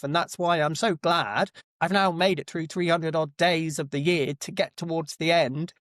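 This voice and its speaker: A man hosting a podcast, telling stories in an animated, self-deprecating way. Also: fairly high pitch, normal speed, few pauses, dry recording, studio quality. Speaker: podcast host. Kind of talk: casual chat.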